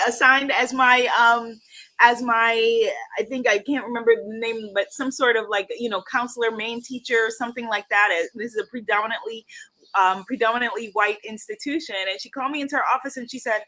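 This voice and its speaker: A woman from New York, a guest author and coach, telling a personal story in an interview, animated and often laughing. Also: mid-range voice. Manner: animated, laughs often, acts out quoted voices.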